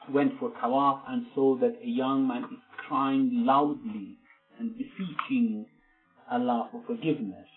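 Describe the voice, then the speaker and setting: A man giving an earnest religious sermon, translating scripture verses and explaining them with frequent pauses. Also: medium pitch. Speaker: religious lecturer. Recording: tinny phone-line sound with faint music.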